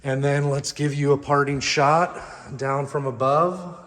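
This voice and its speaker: A man with a slightly high, steady, fairly bright voice and a Texan accent gives a casual home tour as a real estate agent, carrying a handheld camera through the house and backyard. He's chatty and jokey, listing features quickly and sounding a bit out of breath from walking.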